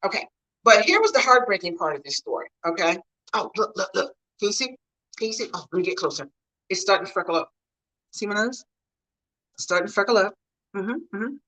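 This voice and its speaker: A middle-aged woman from the Mid-US chats straight to her viewers in a home vlog, telling stories casually in a chatty, animated way. Her mid-range voice moves fairly quickly with long pauses, and the audio is poor.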